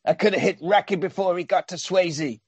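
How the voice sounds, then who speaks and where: A man's voice: sits high, brisk, breathy edge, dry recording, voice pushed up. A man voicing a guilt-ridden young male hockey player who blames himself. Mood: guilty. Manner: self-reproaching.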